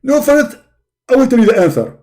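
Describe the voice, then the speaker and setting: A man putting on the voice of a stubborn male preacher who shouts and keeps repeating himself. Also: extremely high pitch, sing-song, brisk, voice pushed up. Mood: insistent.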